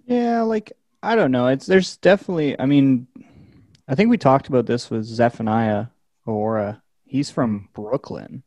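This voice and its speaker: A man chats loosely on a podcast, circling back on himself and stressing his points. His voice is mid-pitched and sits very dry and close to the mic. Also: moderate pace, a little mellow, dry recording. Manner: rambling, emphatic, swears casually. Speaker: podcast host. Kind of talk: casual chat.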